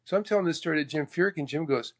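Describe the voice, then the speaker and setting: A man from Canada, a former tour golfer, telling stories as a guest in a lively, casual way, acting out quotes with sudden exclamations. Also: on the high side, very fast. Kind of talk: casual storytelling.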